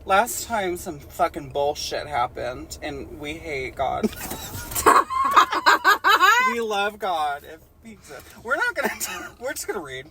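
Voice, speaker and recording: A woman's voice: low voice, sing-song, normal speed, hardly any pauses. Woman podcast host, giggly and sweary, voice jumps all over, faint hiss behind. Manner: giggly, profane, mocking the text with put-on voices. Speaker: podcast co-host reading a fan story aloud. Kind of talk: casual comedic reading and chat.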